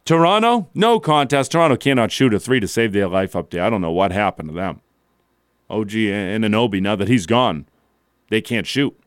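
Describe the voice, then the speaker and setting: A man's voice: lowish voice, moderate pace, no echo, studio quality. A man hosting a sports talk radio show, delivering a blunt, opinionated monologue and chuckling as he goes. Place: radio studio.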